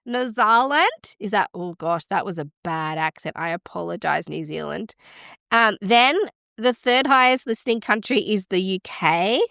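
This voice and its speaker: Speaking at a moderate pace in a lowish voice with vocal fry, this podcast host chats casually. She's excitable, gasping and exclaiming as she reads results and stats aloud, and the studio-quality recording has no echo.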